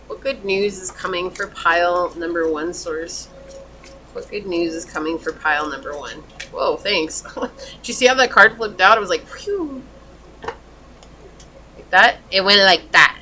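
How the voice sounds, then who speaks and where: A woman giving a pick-a-card tarot reading in a chatty, reassuring and enthusiastic way, murmuring soft questions while she draws cards. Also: on the low side, unhurried, a little hiss or hum, poor audio. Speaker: tarot reader.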